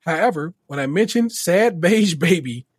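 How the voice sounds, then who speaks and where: A podcast co-host reading out a listener's story in a steady voice, adding wry asides. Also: male voice, high-pitched, moderate pace, breathy edge, dry recording, studio quality. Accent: Californian. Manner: steady read-aloud delivery with wry asides. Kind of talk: reading a listener story aloud, casual chat.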